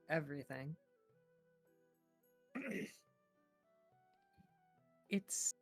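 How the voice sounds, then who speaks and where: A woman player in a tabletop game talks slowly with a wry, easygoing manner. Her pitch is middling, and faint music runs underneath. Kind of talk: casual tabletop game play.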